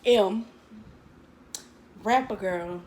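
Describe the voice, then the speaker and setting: A woman's voice: medium pitch, extremely slow, darkish tone, a little hiss or hum, rough recording. A woman telling a story from her school days to her viewers in a chatty, dramatic way, calling them girl and baby. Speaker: storytime vlogger.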